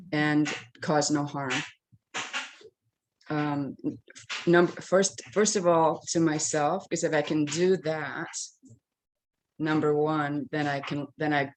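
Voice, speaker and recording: A woman in her late sixties, an interfaith minister, sharing her personal journey in a halting, emotional way with many restarts and a tearful edge. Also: low voice, noisy background. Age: 60s. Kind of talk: personal sharing in a faith circle.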